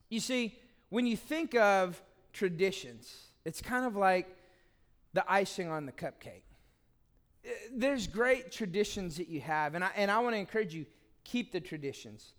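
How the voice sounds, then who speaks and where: A middle-aged man preaching a sermon, telling family stories in an animated, playful way. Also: high voice, normal speed. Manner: animated storytelling, acts out scenes. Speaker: pastor.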